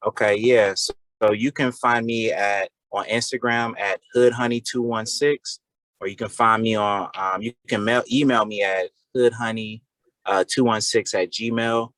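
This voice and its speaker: Low-voiced, laid-back man on a call. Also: fairly even intonation, measured pace, a bit bright, no echo, poor audio. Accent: Cleveland. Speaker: guest, founder of a bee farm.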